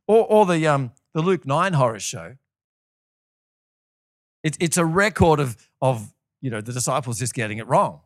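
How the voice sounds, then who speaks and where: Animated male preacher, lively pitch. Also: moderate pace, no echo, studio quality. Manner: animated storytelling with acted-out voices. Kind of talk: sermon.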